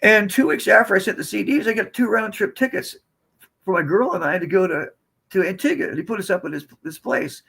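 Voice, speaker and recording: A man's voice: high voice, lively intonation, fairly quick, creaky, a bit bright, breathy edge. A man in his seventies from the United States, a podcast guest telling rambling, digressive stories in a casual way. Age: 70s. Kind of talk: casual storytelling.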